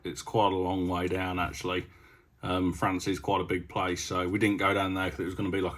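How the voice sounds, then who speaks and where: A young farmer vlogger rambles casually through his stories, drifting along with lots of ums. His voice sits fairly low and has a slightly bright quality.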